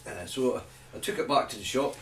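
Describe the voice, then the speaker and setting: A man's voice: medium pitch, a little fast, a little hiss or hum. A Scottish man in his sixties, a guitar builder telling rambling stories with many restarts in a casual interview. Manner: rambling, animated anecdotes with frequent restarts. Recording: roomy, distant mic, faint ambience.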